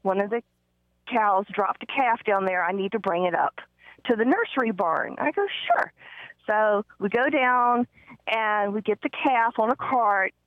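A woman calling in to a radio show, telling a story in a rambling, excitable way with many fillers and restarts. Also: medium pitch, measured pace, no room sound. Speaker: caller. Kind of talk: phone-in storytelling. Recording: muffled phone line, dry.

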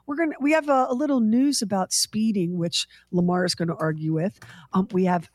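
A woman's voice: mid-range voice, steady tone, a little fast, darkish tone. A woman co-hosting a morning radio show, chatting casually and joking with her co-host, laughing easily.

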